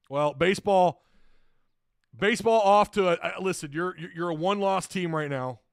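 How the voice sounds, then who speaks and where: A man's voice: fairly high pitch, clean tone, no echo, studio quality. Chatty, chuckling sports-show host man. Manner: rambling, chuckling often, self-deprecating; reads viewer comments and sponsor plugs aloud. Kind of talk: casual livestream sports chat.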